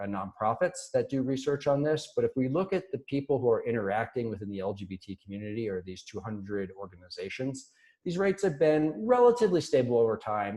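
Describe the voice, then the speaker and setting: A man's voice: medium pitch, dark tone, rough recording. A man presenting survey research in a webinar, speaking conversationally with many ums and restarts.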